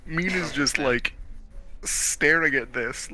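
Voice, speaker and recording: Bright-voiced, slow man player. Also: medium pitch, sing-song, faint music behind, poor audio. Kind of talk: casual tabletop chat.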